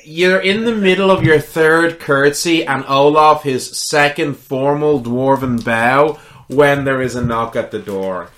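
A man narrating as game master in a relaxed, conversational way, often pausing on fillers. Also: on the high side.

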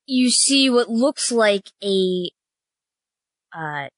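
A woman's voice: mid-range voice, expressive, drawn-out words, dry recording, clean studio sound. A woman running a tabletop game as game master, narrating casually with hesitations. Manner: casual, hesitant, with fillers and giggles.

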